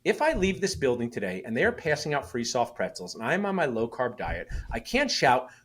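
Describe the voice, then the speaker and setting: Animated male podcast guest, expressive voice that swings widely, emphatic storyteller. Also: medium pitch, a little fast. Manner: animated, emphatic, tells stories with voiced asides. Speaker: podcast guest, founder of an online dentist community. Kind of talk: casual interview talk.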